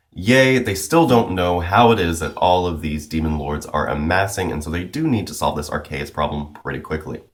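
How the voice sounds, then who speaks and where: Low-voiced man chatting casually. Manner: loose and chatty, full of "like" and "you know". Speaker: comic book reviewer. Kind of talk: casual recap chat.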